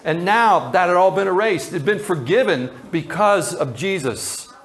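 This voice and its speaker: Higher-voiced man preaching conversationally. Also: lively intonation, normal speed. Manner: conversational, prone to tangents and repeated words. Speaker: pastor. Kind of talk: sermon.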